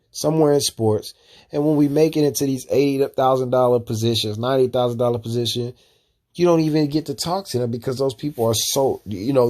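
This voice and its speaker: A man's voice: mid-range voice, a little mellow. A man giving preaching commentary on a video, who keeps ending his phrases with "man". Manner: repetitive, ends phrases with "man".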